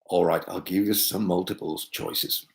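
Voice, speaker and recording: Hosting a pub quiz by video call from a room in his house, a man chats away with jokey asides and plenty of fillers. He speaks at a normal speed in a low voice with vocal fry and fairly even intonation, over a rough recording.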